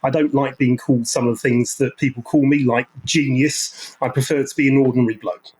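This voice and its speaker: A man in his sixties from London, speaking with a London accent, talks at a medium pitch with fairly even intonation, a little fast, a little mellow and slightly rough. As a podcast guest on a remote call, he tells his life story earnestly and reflectively, often restarting sentences. The recording is rough.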